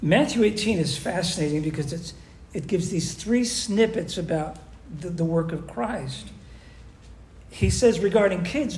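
A man teaching a Bible class, explaining scripture in an animated way and acting out the quoted lines. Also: high-pitched, a little slow. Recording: echoey room with faint noise.

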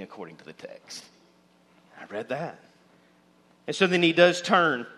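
A pastor delivering a sermon in a high, bright voice. He speaks out the thoughts of imagined listeners and his own reasoning, and builds to loud, shouted exhortation.

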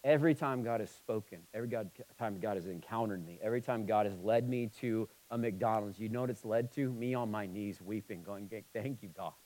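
A man preaching a sermon, moving between emphatic, passionate stretches and quiet, somber ones. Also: on the low side, fairly quick, few pauses, rough recording. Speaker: pastor.

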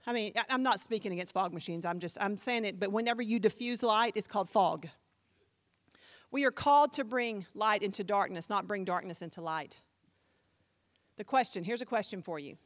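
A woman pastor preaching a sermon in an animated, emphatic way, speaking directly to her congregation. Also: medium pitch, normal speed.

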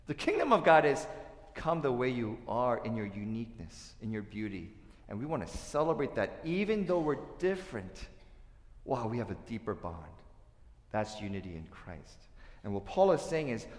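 A man preaching a sermon as pastor, telling stories and acting out quotes in a lively way. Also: mid-range voice. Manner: storytelling, lively asides and acted-out quotes. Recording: echoey hall.

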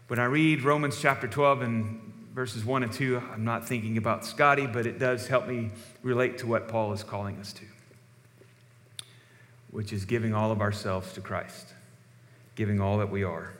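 A man's voice: mid-range voice, normal speed. Conversational male pastor in a reverberant hall. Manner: conversational, relaxed storytelling with fillers. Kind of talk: sermon.

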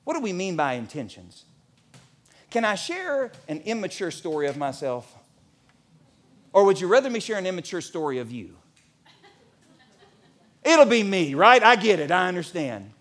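A pastor in his forties preaching a sermon in a church, animated and at times nearly shouting. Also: high-pitched, moderate pace, pauses often.

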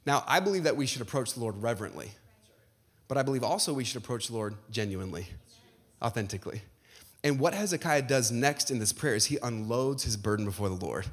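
A middle-aged man preaching a sermon as pastor, emphatic and building to passionate peaks. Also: medium pitch.

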